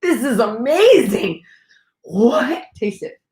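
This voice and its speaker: A woman hosting a casual live chat, animated and talkative, jumping from topic to topic. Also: a little high, takes it slowly, reverberant. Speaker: host.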